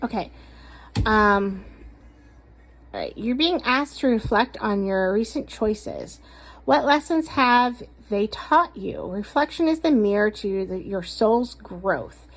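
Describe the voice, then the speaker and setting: A woman's voice: medium pitch, expressive. A woman doing a casual tarot reading, blunt and emphatic, swearing often as she rants and gives advice. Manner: blunt, ranting, swears a lot; emphatic, stresses words slowly. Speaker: tarot reader.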